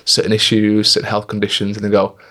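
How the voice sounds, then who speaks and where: A man's voice: fairly low pitch, completely flat delivery, fast talker, fairly bright tone. A man in his thirties, co-hosting a podcast, telling stories in a casual chat and acting out the people he quotes. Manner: chatty storyteller, acts out quoted voices. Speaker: podcast co-host.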